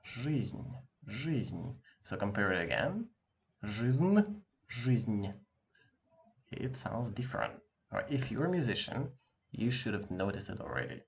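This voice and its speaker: A man teaching an online language lesson, lively and encouraging, talking casually with slang to his viewer from a room with an open window. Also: on the low side, brisk, gravelly. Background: dog barking outside.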